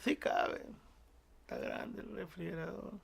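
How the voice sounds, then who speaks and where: A man chats loosely on a podcast, joking and hopping between two languages. His voice is heavily gravelly and sits a little high for a man. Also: wildly swooping pitch, moderate pace. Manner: joking, switching between Spanish and English. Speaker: podcast co-host. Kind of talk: casual chat.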